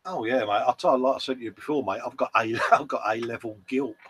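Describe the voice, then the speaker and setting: A man's voice: medium pitch, fast, fairly bright tone, a little hiss or hum, rough recording. An English man telling jokey stories and laughing in casual banter. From England. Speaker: guest on a live stream.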